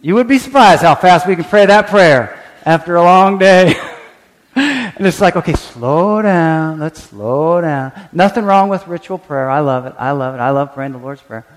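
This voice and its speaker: A man's voice: high-pitched, moderate pace, long reverb tail. A man preaching a sermon as pastor, acting out quoted prayers and often restarting his words. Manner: animated, acts out quoted prayers and voices; frequent stammered restarts.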